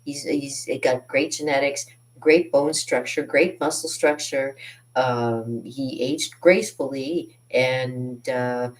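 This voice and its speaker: A woman in her fifties telling self-deprecating stories in a rambling casual monologue, often laughing at herself. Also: very deep voice. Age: 50s. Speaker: artist and channel host.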